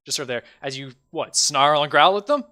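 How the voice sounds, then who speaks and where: A man's voice: on the high side, animated, fairly quick, pushed and bright. A man narrating as game master in a casual tabletop game, rambling with lots of fillers. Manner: rambling, filler-heavy, laughing asides.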